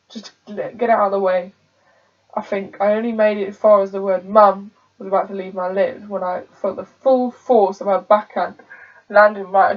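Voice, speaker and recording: A young woman from England, a theatre student, performing a solo dramatic monologue in a conversational storytelling way with sudden loud outbursts. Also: mid-range voice. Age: young adult. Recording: dull, distant home recording.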